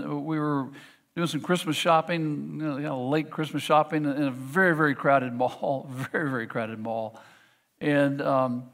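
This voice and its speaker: A man's voice: high voice, a bit bright. A middle-aged man preaching a sermon, earnest, often restarting with repeated words. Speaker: pastor.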